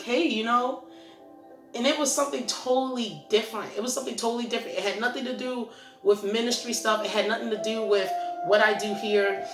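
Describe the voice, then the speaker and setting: A woman's voice: mid-range voice, fairly bright tone. Earnest woman rambling in a roomy echo. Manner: rambling, earnest, self-reflective. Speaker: host of a Christian ministry channel. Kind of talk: casual encouraging talk to camera. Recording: roomy echo with faint music.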